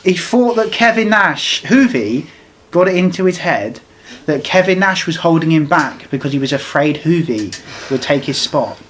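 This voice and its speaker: Animated man ranting. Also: fairly high pitch, normal speed, slight background noise. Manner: heated, sweary, animated ranting. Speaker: wrestling podcast co-host. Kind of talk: casual ranting chat.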